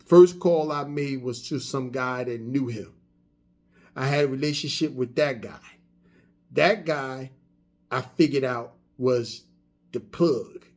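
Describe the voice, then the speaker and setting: Slow and prone to frequent pauses, a vlogger in his fifties speaks in a darkish, mid-range voice. He gives a laid-back motivational monologue, telling stories conversationally and often starting over.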